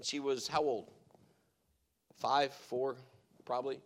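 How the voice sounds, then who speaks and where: A middle-aged man preaching a sermon, telling stories and swinging between hushed, quiet passages and loud, emphatic exhortation. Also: mid-range voice, steady tone, slow pace. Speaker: pastor.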